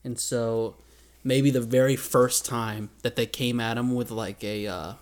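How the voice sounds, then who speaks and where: A man's voice: medium pitch, steady tone, a little slow. Laughing playful podcast co-host, a man. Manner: laughs often, playful teasing. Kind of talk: casual comedic chat.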